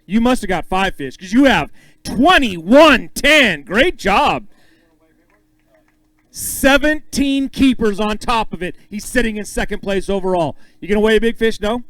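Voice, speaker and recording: Man, high voice, upbeat live emcee, joking banter, dry close sound. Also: expressive, a bit bright, no echo, low-quality recording. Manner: upbeat, joking, calls names with drawn-out emphasis. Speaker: tournament weigh-in emcee.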